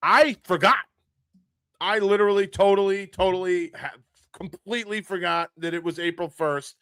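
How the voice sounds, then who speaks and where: A man hosting a live sports stream, talking in an excited, frantic way and repeating himself. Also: high voice, normal speed, clean tone, no room sound. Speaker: sports podcast host. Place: home studio, seated.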